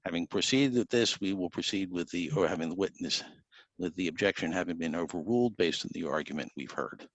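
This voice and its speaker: A man presiding as judge over a mock trial on a video call, speaking in a deliberate, formal, instructive way. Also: low voice, no echo. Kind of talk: courtroom proceedings. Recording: dull dry video-call audio.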